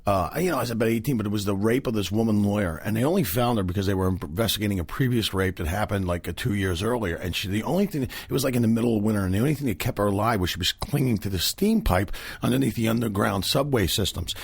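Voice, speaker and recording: A comedian from Philadelphia rambles through animated stories in casual podcast talk. His middle-pitched voice is husky and gravelly, recorded close and dry. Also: quick pace, no echo. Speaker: comedian guest.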